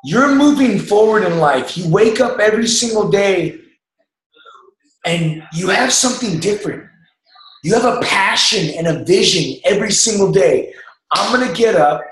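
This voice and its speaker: In an echoey room, a man delivers an emphatic motivational talk, urging a group to drop their doubt. He speaks at normal speed in a high-pitched voice with lively intonation.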